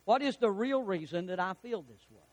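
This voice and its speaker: A man's voice: high-pitched, lively intonation, brisk, darkish tone. A man preaching a sermon as pastor, telling stories and acting out the lines of people in them. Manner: storytelling preacher, acts out quotes, chuckles at own jokes.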